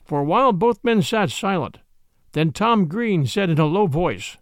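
A man narrates a classic novel in a measured storytelling style. His voice sits high with lively pitch movement and a gravelly texture, recorded dry and close. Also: no room sound. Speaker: podcast reader. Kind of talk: scripted audiobook narration.

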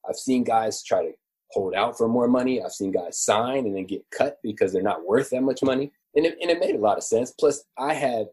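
Man, 40s, mellow husky voice, relaxed chatty storyteller, lots of fillers. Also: medium pitch, a little fast. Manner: relaxed, chatty, many fillers, laughs easily. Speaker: former football player, guest. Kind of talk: casual storytelling interview.

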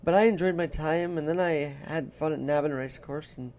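A man's voice: a little high, brisk, a little mellow. A New York man in his twenties hosting a podcast, rambling casually and correcting himself as he tries out a put-on Irish brogue. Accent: put-on Irish brogue over a New York voice. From New York City. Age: 20s. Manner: rambling, chatty, corrects himself mid-sentence. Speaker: podcast host. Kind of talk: casual solo podcast chat.

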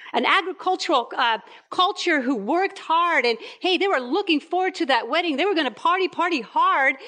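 A woman in her fifties from Puerto Rico, preaching a sermon and acting out little scenes with quoted voices. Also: sits high. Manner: animated storytelling with acted-out quotes.

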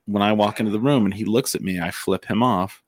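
A man co-hosting a casual podcast chat, telling stories in an animated, profane way. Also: on the low side, fast talker, dry recording, clean studio sound.

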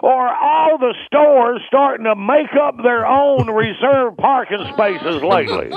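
Older male host, high-pitched sarcastic grumbling, dull radio sound with a laughing crowd behind. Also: expressive, measured pace. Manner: cranky, sarcastic, laughing at his own jokes. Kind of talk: comedic rant monologue.

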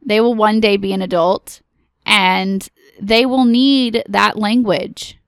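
A woman's voice: mid-range voice, fairly even intonation, slow pace, clean tone, no room sound, studio quality. A woman in her thirties hosting a podcast, giving a casual, earnest pep talk to other moms. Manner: earnest, pep-talk, direct address to listeners. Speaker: podcast host.

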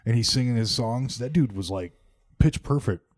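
A man's voice: medium pitch, expressive, normal speed, darkish tone, no echo. A man cracking jokes and swearing often in casual podcast banter. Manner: joking, swearing, laughing often. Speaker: podcast co-host.

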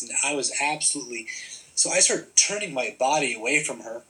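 Bright-voiced man telling a story. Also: mid-range voice, lively intonation, fairly quick, poor audio. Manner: rambling, many fillers and restarts. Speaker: guest telling his story. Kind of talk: casual storytelling.

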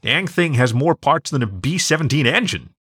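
A man's voice: on the high side, expressive, slightly rough, voice pushed up. A man doing a folksy old grandpa dog. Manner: slow, folksy and warm-hearted.

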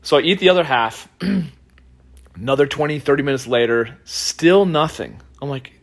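A man's voice: mid-range voice, moderate pace. Chatty man telling a story, laughing. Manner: animated, laughing often, many fillers. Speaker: podcast host. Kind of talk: casual storytelling.

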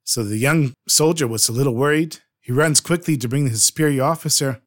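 A man telling a dramatic true story in an earnest, expressive way. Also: mid-range voice, a little fast, background noise.

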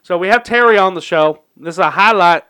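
Male podcast co-host, high bright voice, profane, laughs a lot. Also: a little fast, smooth. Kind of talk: casual podcast chat.

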